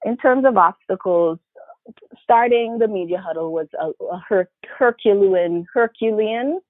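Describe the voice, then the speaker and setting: A woman from Saint Vincent and the Grenadines with a faint Vincentian accent, telling her story in a reflective, animated way as an interview guest. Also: mid-range voice, moderate pace, dry recording. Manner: reflective, animated storyteller, mimics others' voices. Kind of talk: casual interview conversation. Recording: tinny phone-like call audio, dry.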